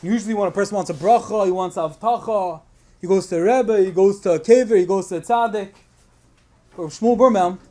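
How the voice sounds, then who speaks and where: A man with a high-pitched voice delivers a sermon as a storyteller. He builds his tale with passion, weaving Yiddish and Hebrew words into his English. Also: brisk, long pauses. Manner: builds to loud impassioned storytelling, Yiddish and Hebrew terms woven in. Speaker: rabbi giving a Tisha B'Av talk.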